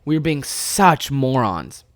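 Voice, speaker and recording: Young man, podcast host, from canada, lively pitch, swears, laughs a lot, dry room. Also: takes it slowly, dry recording. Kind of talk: casual solo storytelling.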